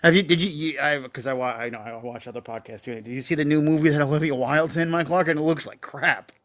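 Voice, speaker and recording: A young podcast co-host with a slightly high, fairly bright voice talks fast in casual banter. He rambles loosely, swears freely and uses lots of fillers.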